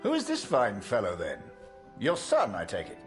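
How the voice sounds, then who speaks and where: An actor playing a polite, formal army major in a video game. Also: male voice, on the low side, wildly swooping pitch, moderate pace, over music. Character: courteous male army officer, genial and proper.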